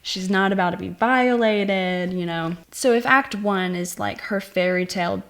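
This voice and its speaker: A woman giving a casual movie review, chatty and animated, acting out lines from the scenes she retells. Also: medium pitch, a little slow, creaky. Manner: chatty, many "like" fillers.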